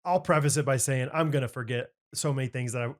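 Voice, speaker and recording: A young man co-hosting a podcast tells a story in casual chat, earnest and rambling with plenty of filler words. His voice is mid-range and his pace quick.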